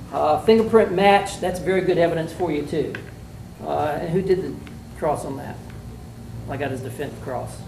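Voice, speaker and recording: A man's voice: sits high, darkish tone. A middle-aged man, a judge critiquing mock trial students in a folksy, blunt, joking way. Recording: echoey room, mic far off, faint noise.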